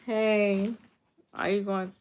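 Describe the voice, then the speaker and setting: A young woman, hosting a casual livestream and answering comments in a hurt, halting way, often repeating herself. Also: mid-range voice, flat delivery, a little mellow, clear, resonant tone. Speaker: livestream host. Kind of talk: casual live chat reading comments.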